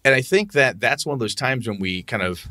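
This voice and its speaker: Male podcast co-host, animated and profane, bright tone, dry close mic. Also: mid-range voice, a little fast, no room sound. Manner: animated, profane, acts out what he says to players. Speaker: podcast co-host and game master. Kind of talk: casual podcast chat.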